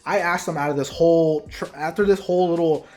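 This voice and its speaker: A man, a parent and sneaker vlogger, telling a casual story to the camera with quoted dialogue, animated and heated. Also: a little high, a little fast. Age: adult parent.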